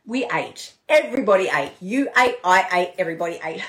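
A woman hosting a live motivational talk as a diet coach, animated and playful, swearing casually. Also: on the low side, brisk, roomy sound. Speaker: podcast host and diet coach.

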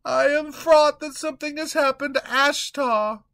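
A man's voice: very high-pitched, a little slow, creaky, a bit bright, voice pushed up, full character voice. A man voicing a timid, fretful male servant who apologizes and pleads anxiously in a comedic audio story. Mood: worried.

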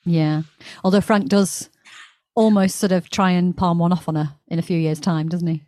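A woman's voice: lowish voice, fairly even intonation, normal speed, mellow, dry recording. A woman co-hosting a podcast, chatting casually and thinking aloud about a TV show. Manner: rambling, thinks aloud with restarts. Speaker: podcast co-host.

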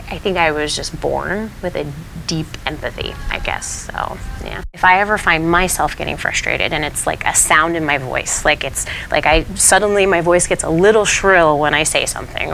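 A woman's voice: low-pitched, creaky, sharp tone, a little hiss or hum, low-quality recording. A woman kindergarten teacher talking in a casual interview, earnest and heartfelt, with many fillers and restarts. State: tearful at times.

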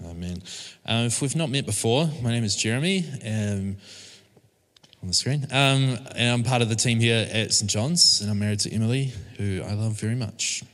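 At normal speed, a church team member with a mid-range, fairly bright voice preaches informally. He's casual and unsure, restarting often and using many fillers, while the church hall's long reverb fills the recording in the service room.

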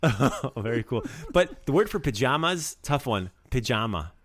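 A man's voice: mid-range voice, very animated, normal speed. A man hosting a casual language lesson, joking and coaching pronunciation. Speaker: language teacher host.

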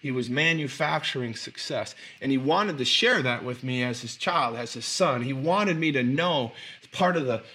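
A man's voice: medium pitch, lively intonation, moderate pace, few pauses, bright, forceful tone. A man telling stories in an inspirational speech, emphatic and drawing out key phrases, with frequent restarts. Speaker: motivational speaker.

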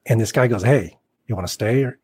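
A man being interviewed as a guest actor, telling anecdotes in a casual, animated way and acting out the people he quotes. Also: mid-range voice, fairly quick, slight background noise. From Portland, Oregon.

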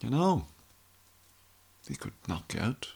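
Gravelly, slow-talking Irish man. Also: mid-range voice, wildly swooping pitch, a little mellow. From Ireland. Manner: rambling, anecdotal, wry. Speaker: vlogger. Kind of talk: casual storytelling monologue.

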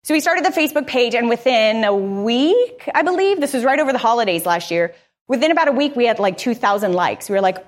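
A woman podcaster giving a live conference talk, energetic, candid and conversational. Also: on the high side, fairly quick.

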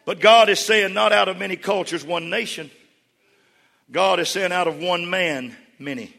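A man preaching a sermon to his congregation, who moves between quiet storytelling and shouted calls for the crowd to respond. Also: sits high, normal speed, gravelly. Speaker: pastor. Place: large church hall with congregation. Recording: church hall reverb with congregation.

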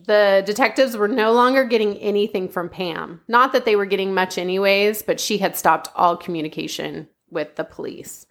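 A woman's voice: medium pitch, moderate pace, few pauses. A woman host telling a true-crime story in a casual, chatty way, often laughing and saying "like". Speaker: podcast host.

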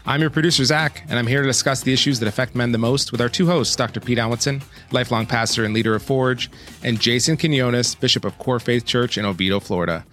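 A man's voice: mid-range voice, quick pace, a bit bright, faint music behind. A man who produces a podcast, reading its scripted welcome and introducing the guest. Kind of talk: podcast intro and host chat.

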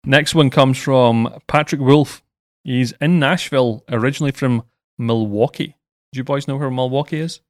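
A man's voice: medium pitch, moderate pace, no echo, clean studio sound. A Scottish man hosting a casual podcast chat and reading out listener messages. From Scotland. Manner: banter, reads listener messages. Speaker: podcast host.

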